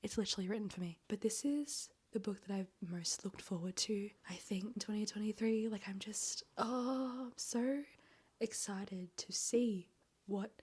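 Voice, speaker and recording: A woman talking in a breathy, hoarse near-whisper on small clip-on microphones while she recovers from illness. She chats casually and rambles, laughing often, as a book vlogger. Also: medium pitch, fairly even intonation, moderate pace, a little mellow. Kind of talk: casual reading vlog chat.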